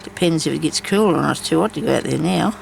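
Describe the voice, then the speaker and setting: A woman's voice: low-pitched, quick pace, gravelly, a little hiss or hum, low-quality recording. A woman chats casually while she embroiders, rambling from story to story with many asides. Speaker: craft vlogger.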